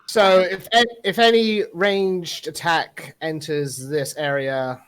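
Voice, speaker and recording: A player in a tabletop game who talks casually, jokes, and gets excited by their moves. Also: mid-range voice, takes it slowly, clear, resonant tone. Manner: lively, excitable, joking.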